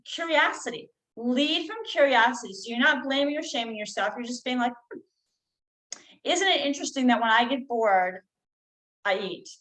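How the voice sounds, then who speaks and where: A middle-aged woman guest on a podcast, talking in an earnest coaching tone and slowing down to stress key phrases. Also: on the high side, lively intonation, fairly bright tone, poor audio. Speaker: guest healer. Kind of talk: conversational podcast interview.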